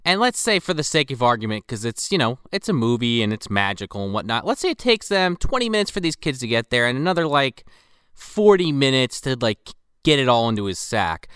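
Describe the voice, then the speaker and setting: A man's voice: medium pitch, big pitch swings, brisk, a bit bright, smooth, no room sound. A man co-hosting a comedy movie podcast, giving wry commentary on the plot and acting out lines from scenes. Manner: wry, dry commentary with voiced asides. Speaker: podcast co-host. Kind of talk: casual comedic movie recap.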